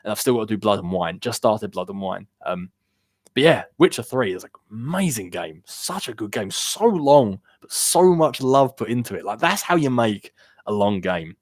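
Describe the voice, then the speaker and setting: A young man with a lowish voice talks loosely through a gaming live stream, drifting between topics and picking up questions from chat. His voice sounds close and dry through a worn-out home microphone. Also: animated, moderate pace, no room sound. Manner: rambling, answers viewer chat questions. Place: home room. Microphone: worn-out desk microphone.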